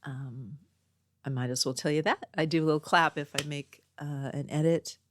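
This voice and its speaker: A woman's voice: low voice, fairly even intonation, normal speed, slight background noise. A woman from Northern California hosting her own podcast, chatting in a meandering storytelling way. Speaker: podcast host. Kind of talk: casual chat. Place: home next to a small post office. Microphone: own podcast mic.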